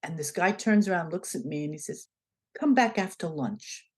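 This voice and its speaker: Speaking at normal speed in a low-leaning, breathy voice, a woman being interviewed recounts a story in a chatty way. She brings it to life by performing the dialogue within it.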